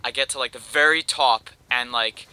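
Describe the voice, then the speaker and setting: Bright, slangy young Canadian guy telling a story. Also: medium pitch, steady tone, moderate pace, clear, resonant tone, rough recording. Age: young adult. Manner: rambling, slangy, with lots of "like". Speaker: gameplay commentator. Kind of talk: casual storytelling over gameplay.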